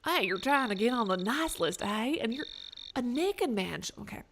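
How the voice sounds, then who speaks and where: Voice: medium pitch, big pitch swings, moderate pace, noisy background. A game character voice playing a friendly northern woodsman, folksy and curious, tagging lines with 'eh'.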